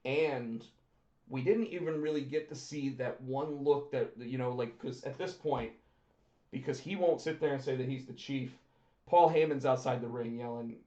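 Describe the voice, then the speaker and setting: A man's voice: mid-range voice, moderate pace, warm tone. A man co-hosting a casual podcast, talking animatedly and acting out what others said. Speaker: podcast co-host. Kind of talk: casual wrestling chat. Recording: echoey room, dull lo-fi sound.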